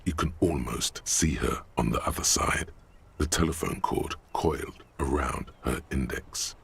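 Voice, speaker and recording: A man delivering measured, commanding scripted narration for a video game. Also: extremely low pitch, gravelly, slightly rough, full character voice.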